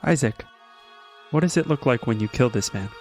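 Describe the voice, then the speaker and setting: Male game master, mid-pitched, steady narration, faint music underneath. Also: normal speed.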